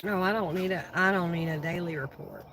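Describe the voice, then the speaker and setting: Bright, chatty middle-aged woman livestreaming. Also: lowish voice, fairly quick, slight background noise, rough recording. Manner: chatty, addresses viewers by name and answers comments. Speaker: livestream host. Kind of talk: casual livestream chat with viewers.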